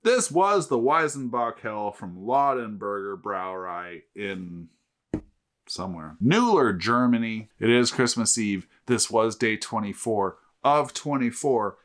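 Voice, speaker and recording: A man hosting a casual beer review vlog who tells jokes in a deadpan way and swears freely. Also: on the low side, a little slow. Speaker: host.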